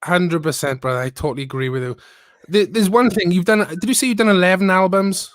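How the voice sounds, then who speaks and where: A man hosting a podcast, enthusiastic and warm-hearted in casual chat, often stumbling over restarts. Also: sits high, a little fast, dry recording, clean studio sound. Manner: enthusiastic, stumbling restarts, calls guest brother. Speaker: podcast host.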